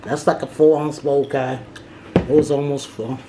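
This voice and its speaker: A woman's voice: rumbling low, steady tone, moderate pace, noisy background. A woman vlogger talking casually while she eats, often with food in her mouth and humming between bites. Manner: talks while eating, mouth full, hums between bites. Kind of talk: casual eating vlog.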